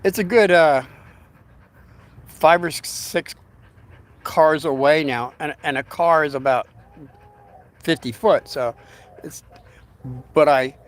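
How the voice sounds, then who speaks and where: A man's voice: fairly high pitch, takes it slowly, long pauses. A man telling a long anecdote in a casual, rambling way, with many restarts and fillers. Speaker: storyteller.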